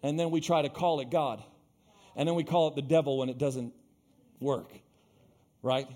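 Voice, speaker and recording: A man preaching a sermon as pastor, emphatic and animated, breaking off to speak straight to his congregation. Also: mid-range voice, normal speed.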